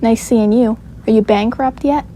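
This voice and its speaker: A woman's voice: fairly high pitch, fairly even intonation, moderate pace, mellow, a little hiss or hum, close to an everyday voice. A woman playing a blunt, snappy mother. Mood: snippy. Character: sharp-tongued grieving mother, rude and cold.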